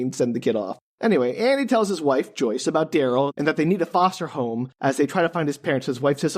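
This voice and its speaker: A man's voice: on the high side, animated, fairly quick. A man co-hosting a podcast, recapping a movie in casual chat with dry, sarcastic asides.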